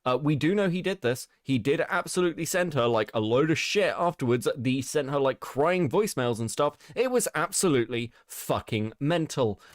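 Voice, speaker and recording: A man's voice: fairly high pitch, normal speed, hardly any pauses, dry recording, clean studio sound. A British man hosting a commentary stream, reading documents aloud with sarcastic, profane asides. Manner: sarcastic, swearing, animated, laughing asides.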